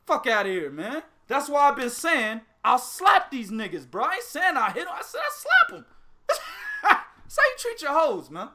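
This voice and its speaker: A man hosting a boxing podcast, chatting casually, animated and profane, laughing often. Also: very high voice, moderate pace, slight background noise. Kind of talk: casual chat.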